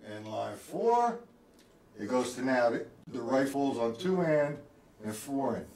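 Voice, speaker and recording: A man's voice: medium pitch, big pitch swings, measured pace, a little mellow, slight background noise. A man teaching a live-streamed drum lesson, counting beats aloud and quizzing his viewers by name. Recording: roomy, from a distance.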